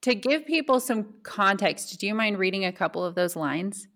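A woman co-hosting a podcast in casual chat, reacting quickly and laughing often. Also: mid-range voice, expressive, fairly bright tone. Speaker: podcast co-host.

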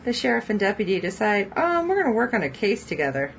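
A woman's voice: medium pitch, sing-song, fast talker, gravelly, slight background noise, rough recording. A woman co-hosting a casual podcast, recapping a TV episode in a chatty way and laughing often as she quotes the characters. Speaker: podcast co-host.

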